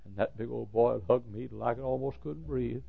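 A man in his fifties preaching a sermon, dropping to a hushed storytelling voice and then rising to fervent shouts. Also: mid-range voice, a little fast, vocal fry, husky, no echo, narrow, tinny audio. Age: 50s. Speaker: pastor.

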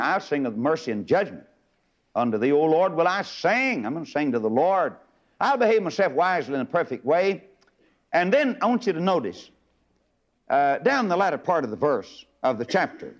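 An older man preaching a fiery, emphatic sermon, swinging from loud high bursts down to low murmurs. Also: very animated, normal speed. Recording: dull lo-fi sermon tape.

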